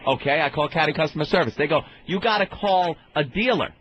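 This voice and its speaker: A man with a high voice tells a comic story, acting out each person in it with profane, indignant flair. He sounds like a guest on a talk radio show. The broadcast sound is dull and lo-fi, with faint noise behind him. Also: fast talker. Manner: acts out every voice in his story, profane and indignant. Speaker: comedian guest. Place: radio studio.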